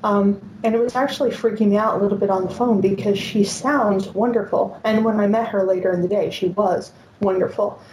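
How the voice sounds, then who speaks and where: A woman's voice: mid-range voice, steady tone, fairly quick, hardly any pauses, a little mellow. Female caller over an echoey line with faint noise, hesitant, lots of ums. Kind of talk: casual call-in chat. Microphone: computer call.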